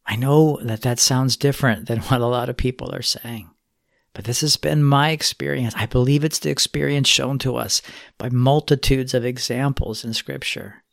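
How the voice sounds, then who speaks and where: A man giving a sermon, speaking in an earnest, measured way as he exhorts his listeners. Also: medium pitch, steady tone, gravelly, no room sound, clean studio sound. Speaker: preacher.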